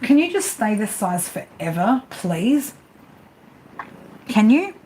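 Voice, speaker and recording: A woman's voice: medium pitch, sing-song, takes it slowly, mellow. A woman doing casual live-stream tarot readings, chatty and laughing, swearing freely as she talks to her viewers.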